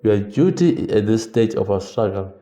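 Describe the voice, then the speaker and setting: An older man telling stories from his political past in an earnest, measured way, slowing down for emphasis. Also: on the low side, lively intonation, mellow, echoey room. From South Africa. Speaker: interview guest, veteran politician. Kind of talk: reflective storytelling in a podcast interview.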